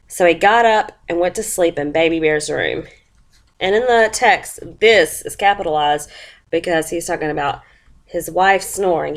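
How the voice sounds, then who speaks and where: A woman with a fairly low voice, sniffly from a cold, presents a first-grade lesson plan. She reads a picture book aloud slowly, adding voices and sound effects.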